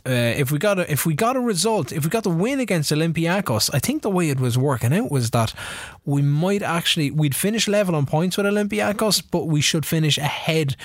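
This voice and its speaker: A man's voice: fairly high pitch, dry recording, studio quality. A man co-hosting a podcast, chatting casually, rambling and swearing. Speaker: podcast co-host. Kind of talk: casual chat.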